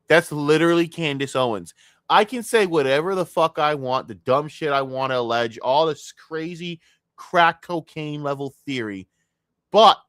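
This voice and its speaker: A man streaming a reaction to a video, ranting and swearing constantly, with sudden loud outbursts between muttered asides. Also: fairly high pitch, a little slow, no echo, clean studio sound. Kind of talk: casual profane reaction commentary.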